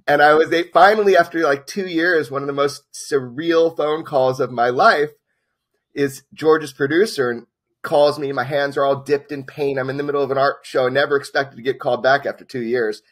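A man in his forties, a documentary filmmaker and interview guest, telling a personal story in a lively way, acting out the dialogue and filling gaps with "like". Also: medium pitch, fairly quick, hardly any pauses. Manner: lively, acts out quoted dialogue, many "like" fillers.

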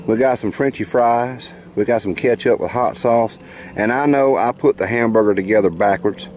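At an outdoor campsite, a man films his campout and shows off the food to camera, folksy and joking. His mid-range voice has a darkish tone and a moderate pace, with a little hiss or hum on the recording.

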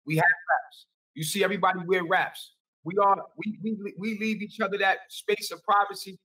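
A man's voice: high voice, level tone, normal speed, sharp tone, slightly rough, distant mic, rough recording. A man answering questions on a call, rambling and repeating himself defensively. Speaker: interview guest.

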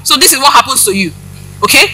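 Animated woman preacher, very bright tone. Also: high voice, fast, poor audio. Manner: animated, addresses the congregation directly with questions. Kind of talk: personal testimony sermon.

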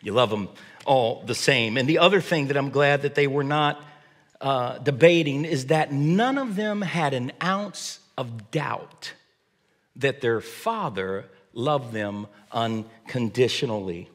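Middle-aged man, pastor, preaching, humorous family anecdotes, many fillers, mid-pitched voice, long church reverb. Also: slow. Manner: warm, humorous storytelling with frequent fillers. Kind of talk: sermon with storytelling. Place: church sanctuary.

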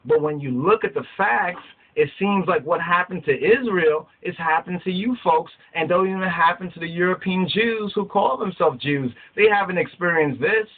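A fairly high-voiced man preaches about scripture in an impassioned, streetwise way. He keeps checking in with the listener as he builds his points. The sound is thin and tinny, like a phone line. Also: normal speed. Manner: preachy, streetwise, keeps asking "you understand?". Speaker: Rastafari teacher.

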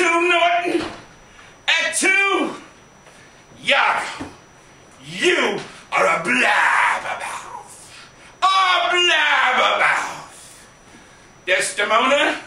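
A man doing an impression of a blustering TV comedian hamming up Shakespeare, shouting and bombastic. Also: very high voice, a little hiss or hum, exaggerated voice. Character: blustering, bellowing big-mouthed TV comedian playing Shakespeare. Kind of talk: stand-up impression. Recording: roomy stage sound from far off.

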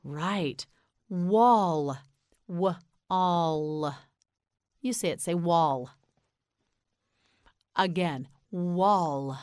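A woman with an American accent teaching English pronunciation, saying each word slowly and clearly and asking the listener to repeat it. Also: on the low side, darkish tone, no echo, studio quality. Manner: repeats words slowly and asks the listener to say them back. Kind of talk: slow, clear scripted lesson narration.

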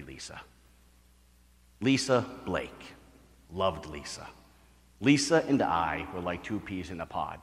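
A middle-aged priest, giving a retreat talk full of stories and playful acted-out voices. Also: male voice, lowish voice. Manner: animated storyteller, acts out voices. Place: church. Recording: church hall reverb.

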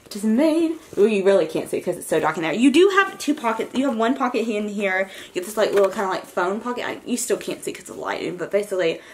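A young woman talking fast and excitedly as she shows off her shopping haul. Her voice swings up and down a lot and she rambles, full of fillers and little gushing asides. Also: medium pitch, slight background noise. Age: young adult. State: college freshman. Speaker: beauty vlogger. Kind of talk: casual haul vlog.

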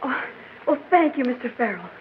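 An actress playing a young receptionist who speaks softly and politely in a 1940s film. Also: female voice, high-pitched, expressive, a little fast. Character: young female receptionist, shy then pert. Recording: tinny 1940s film soundtrack with hiss.

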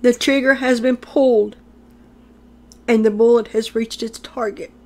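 Slow, solemn woman delivering a prophecy. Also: fairly high pitch, fairly even intonation, darkish tone. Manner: slow, solemn and declamatory with repeated phrases. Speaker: prophetic speaker.

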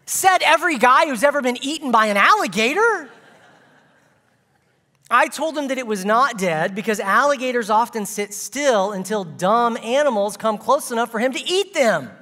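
A man's voice: very high voice, animated, moderate pace, sharp tone, long reverb tail. A man preaching a sermon as a guest speaker, telling a funny story with playful asides and comic timing.

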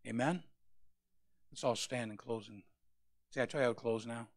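A male pastor preaching a sermon, with passionate rises to loud peaks. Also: mid-range voice, normal speed, dry recording, studio quality.

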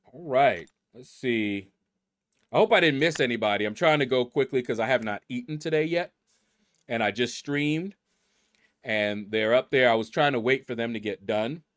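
A man's voice: medium pitch, normal speed, a bit bright. A middle-aged man hosting a gaming channel, casually reading out leaderboard names and musing aloud as he stumbles over them.

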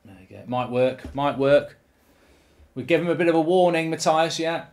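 Pitched on the high side with a darkish tone, his voice moves at normal speed. This gaming YouTuber hosts his own channel, commentating live on a football management game while ranting, swearing and bursting out in exasperation.

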